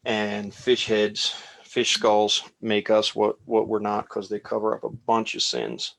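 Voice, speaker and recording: A man casually talking through a fly tying demonstration as he works, relaxed and rambling. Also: fairly low pitch, measured pace, creaky, hardly any pauses. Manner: relaxed, rambling, talks while working.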